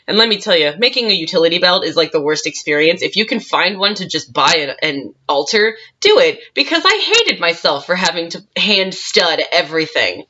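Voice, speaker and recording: Woman, casual storytime, chatty with laughs, bright voice, dull lo-fi audio. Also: on the low side, very animated, brisk, hardly any pauses. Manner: chatty, frequent laughs and fillers. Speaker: cosplayer telling a convention story. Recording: dull lo-fi sound.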